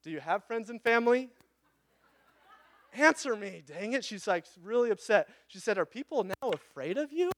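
A pastor preaching a conversational sermon, acting out little quoted voices and joking asides. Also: male voice, sits high, very animated, fairly quick, few pauses.

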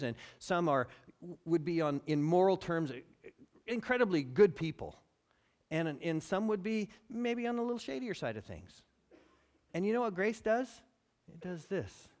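A pastor preaching a sermon, acting out quotes and building to near shouts. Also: male voice, fairly high pitch. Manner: animated, acts out quotes, rises to near shouting.

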